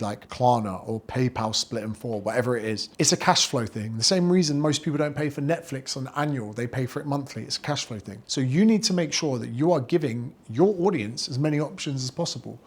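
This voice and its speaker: Blunt sweary guy rattling off business tips for trainers, super quick. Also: medium pitch. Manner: blunt, sweary, straight-talking. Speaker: business coach for personal trainers. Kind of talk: direct-to-camera advice monologue.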